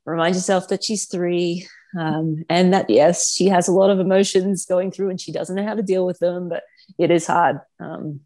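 A woman's voice: fairly low pitch, steady tone, moderate pace, darkish tone. A woman in her thirties, a guest on a podcast, talking frankly and casually about raising her kids, with lots of filler words. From Australia. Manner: chatty, frank, many "like" fillers. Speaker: guest, professional triathlete and mother.

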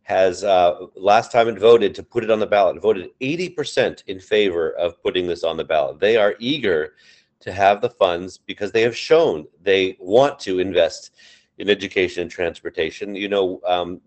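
Brief: low, earnest male guest making his case, halting with ums. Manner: earnest, many fillers and restarts. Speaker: guest, education union advocate. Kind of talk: interview answer, campaign advocacy.

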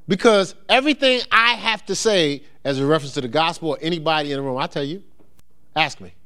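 This middle-aged pastor delivers his church sermon conversationally, his fairly high voice bouncing around as he takes on the voices of the characters he describes. He talks fast with lively intonation, and his sound is clean, pushed and bright.

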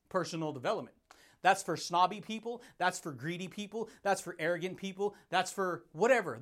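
A man hosting a motivational podcast, talking in a hyped, laughing monologue that keeps calling the listener dude, buddy and baby. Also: high-pitched.

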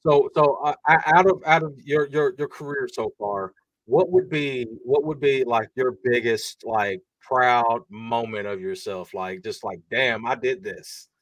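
A man's voice: mid-range voice, no room sound, poor audio. A man hosting a podcast in casual chat, often restarting and repeating words as he goes. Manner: halting, repeats words while he finds his thought. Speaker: podcast host.

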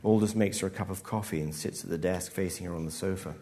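Low-voiced man reading his story live. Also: fast, dark tone. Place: live event hall.

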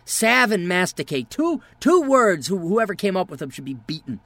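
Male podcast host, high pitch, profane ranting monologue, dry booth. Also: big pitch swings, normal speed, few pauses, bright, forceful tone, dry recording.

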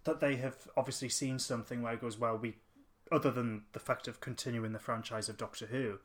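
A man's voice: mid-range voice, steady tone, a little fast. A man in casual podcast chat, telling a long story with lots of fillers and restarts. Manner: rambling anecdote with fillers and restarts. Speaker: podcast co-host.

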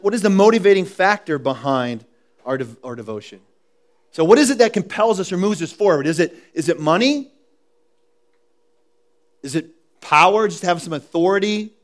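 Male pastor, slightly higher voice, relaxed joking sermon delivery in a church room. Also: normal speed, long pauses. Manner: casual, joking, with frequent restarts and laughs.

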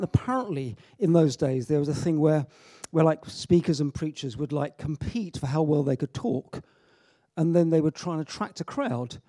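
Male preacher, informal sermon to young people, slightly raised pitch, husky tone. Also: warm tone, no echo, studio quality. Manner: chatty, joking asides, many restarts. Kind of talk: informal sermon to a youth audience.

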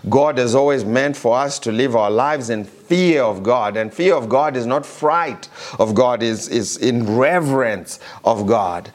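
A man delivers a sermon with emphatic, rising stress, stretching out the scripture lines he reads aloud. Between readings he speaks more plainly, with some halting restarts. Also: medium pitch. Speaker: preacher.

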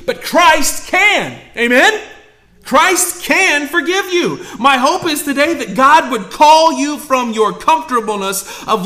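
A young man preaching a sermon as pastor, emphatic, dropping to hushed asides and rising to loud appeals. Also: very high voice, reverberant. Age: young adult. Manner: emphatic, swings between hushed asides and raised exhortation. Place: church sanctuary.

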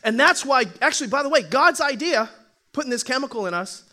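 Bright-voiced pastor telling stories. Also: male voice, very high-pitched, fairly quick. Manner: animated storytelling, acts out voices, laughs often. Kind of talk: humorous sermon. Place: church.

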